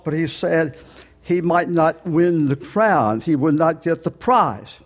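An older man preaching a sermon, explaining scripture step by step in a plain teaching tone and slowing down on key words. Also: sits high.

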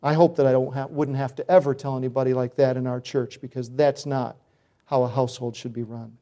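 Male pastor, middle-aged, warm dark tone, folksy emphatic sermon delivery. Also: medium pitch, steady tone, brisk. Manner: folksy, emphatic preaching with rising exhortations.

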